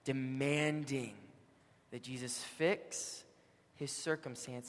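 A man preaching a sermon, telling a story with dramatic swings between loud and hushed. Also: medium pitch, fairly even intonation, normal speed, a little hiss or hum. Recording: long hall reverb.

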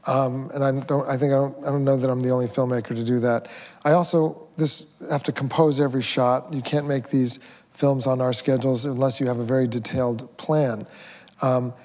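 A man's voice: medium pitch, fairly quick. Talkative man on a reverberant stage. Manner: rambling, animated storytelling with many restarts. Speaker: film director, panel guest. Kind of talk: onstage conversation. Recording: hall reverb from a stage talk.

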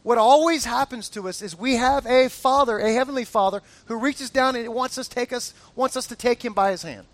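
A middle-aged male pastor preaching a sermon, telling a story with lively acted-out quotes. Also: very high voice, brisk, hardly any pauses, no room sound. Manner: animated, acts out quotes in the story.

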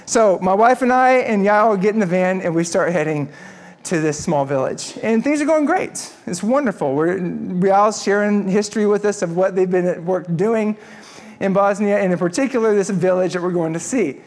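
Male pastor, higher voice, lively humorous storyteller in a sermon. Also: moderate pace. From Texas.

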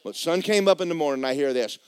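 A male pastor preaching a sermon with animated, folksy, joking storytelling. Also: fairly high pitch, fast talker, very noisy.

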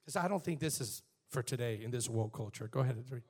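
A pastor preaching a lively sermon to his congregation, leading chants and call-and-response and rising to shouts. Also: mid-range voice, fast, breathy edge. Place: church before a live congregation.

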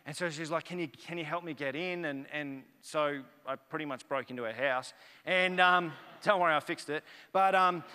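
Male pastor, sermon storyteller, slightly high voice, lively, echoey hall. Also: normal speed, clean tone. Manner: animated storyteller acting out dialogue. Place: church.

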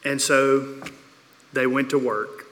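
A man preaching a sermon, telling a story with repeated phrases and dramatic pauses. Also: mid-range voice, steady tone, a bit bright. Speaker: pastor. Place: church sanctuary. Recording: long reverb of a church hall.

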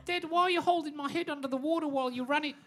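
A woman's voice: sits high, over loud music, lightly acted. A woman voicing an odd, friendless young boy who talks back cheekily. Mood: cheeky. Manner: cheeky, quick.

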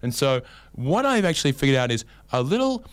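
A man's voice: medium pitch, sing-song, brisk, dry recording. A man rambling through a comic monologue with dry, self-mocking asides. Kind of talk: comedic monologue.

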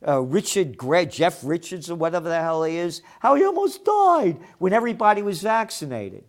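A man's voice: high-pitched, very animated, normal speed. An older man delivers an opinionated solo commentary in a slightly raised voice. He is sarcastic and combative and swears freely when his anger rises. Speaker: host of a trends commentary show.

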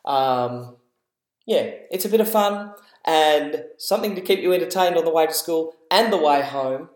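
A man's voice: on the high side, darkish tone. A man with an Australian accent hosting a casual educational podcast, chatty and encouraging, laughing at himself. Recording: roomy echo.

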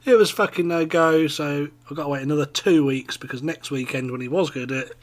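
Blunt, sweary man, slightly high voice. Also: fast talker. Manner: blunt, swears casually, laid-back. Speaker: podcast co-host. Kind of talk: casual chat.

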